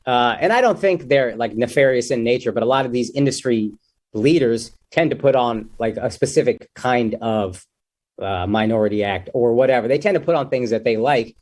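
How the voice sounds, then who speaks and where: A young man talks as a guest comedian in a loose, casual interview. His voice sits in a middle pitch, and he jokes and riffs freely. He drops "dude" and "like" often. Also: normal speed, darkish tone. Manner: loose and joking, says "dude" and "like" a lot.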